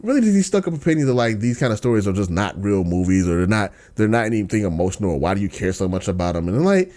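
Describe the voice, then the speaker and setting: A man hosting a podcast in casual chat, slangy and ranting, dropping to low mumbles and then bursting into excited outbursts. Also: quick pace. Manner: slangy, lots of fillers and restarts. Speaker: podcast host.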